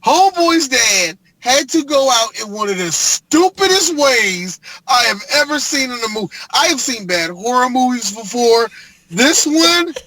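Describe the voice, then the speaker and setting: A man co-hosting a podcast, chatting casually about a movie as an animated, profane storyteller who laughs often. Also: extremely high pitch, a little slow, rough recording. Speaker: podcast co-host. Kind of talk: casual movie review chat.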